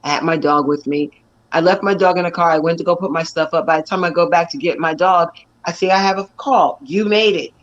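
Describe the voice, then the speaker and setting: Excited woman telling stories, dull audio. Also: fairly low pitch, fast. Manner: animated, laughs often, lively storytelling. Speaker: actress and stunt performer. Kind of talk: excited storytelling in an interview.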